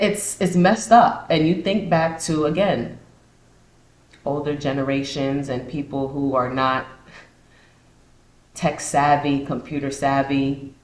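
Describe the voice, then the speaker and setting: A woman hosting a podcast, reading points aloud and then riffing on them with sarcastic asides. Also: sits low. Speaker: podcast host. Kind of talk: casual commentary podcast. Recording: roomy echo.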